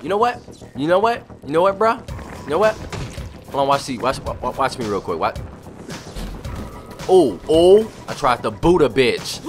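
Profane young man yelling over gameplay. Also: mid-range voice. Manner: loud, profane, joking, yells in surprise. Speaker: gaming commentator. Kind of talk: casual let's-play commentary.

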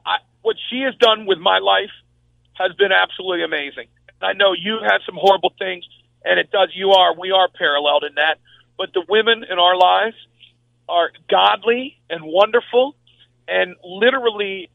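A man's voice: high voice, creaky, dry recording. An older man, a sports talk radio host, telling a personal story as a guest and repeating his words for stress. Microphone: phone call. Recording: tinny phone line, dry.

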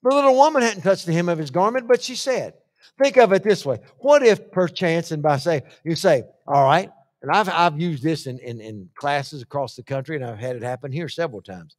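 A man preaching a sermon, swinging from hushed asides to shouted lists and acting out the voices he quotes. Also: a little high, animated, brisk. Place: church hall. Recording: long church-hall reverb.

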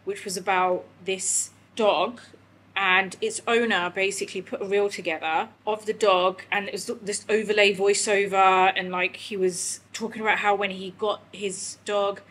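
A woman's voice: medium pitch, steady tone, normal speed, a bit bright, slight background noise, low-quality recording. A young woman chatting candidly in a vlog, emotional and tearful, rambling with lots of fillers. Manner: emotional, rambling, talks to her dog. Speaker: vlogger.

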